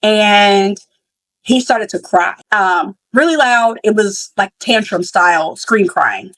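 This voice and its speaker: A woman's voice: medium pitch, expressive, slow, fairly bright tone, no room sound, rough recording. A young woman hosting a podcast, telling a story in a casual, candid way with many fillers and restarts. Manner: candid and reflective. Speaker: podcast host.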